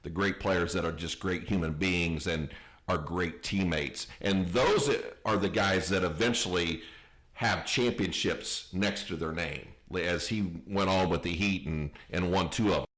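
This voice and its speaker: Low-voiced podcast host. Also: male voice, unhurried, a bit bright. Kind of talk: interview questions.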